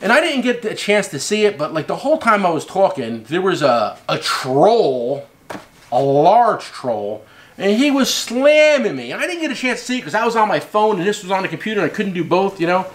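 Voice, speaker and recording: Brief: middle-aged male host, high voice, bouncy and animated, rambling casual storyteller. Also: a little fast. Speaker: host and tool company owner.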